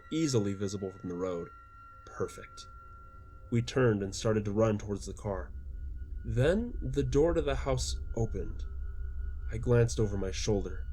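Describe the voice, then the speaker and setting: A man's voice: on the low side, darkish tone. A man reading his own story aloud as audiobook narration, with mild voices for the quoted lines.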